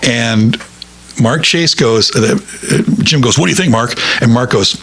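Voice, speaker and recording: A middle-aged man, a radio broadcaster, telling stories from his career in a casual interview, rambling with many halting restarts. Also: mid-range voice, a bit bright.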